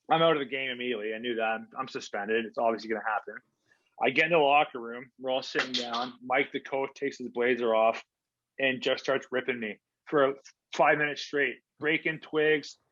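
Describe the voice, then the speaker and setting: A man's voice: fairly high pitch, fairly bright tone, no room sound. Laid-back man telling hockey stories. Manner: laid-back, rambling with fillers. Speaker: guest, former hockey player. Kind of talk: casual storytelling interview. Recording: dull lo-fi remote audio.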